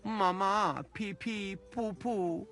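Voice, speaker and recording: A crude, mocking joker from a game who mangles his English. His voice is high and bright, and he drawls his lines slowly. He teases everyone with coarse humor. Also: soft background music, heavily acted. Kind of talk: game voice acting.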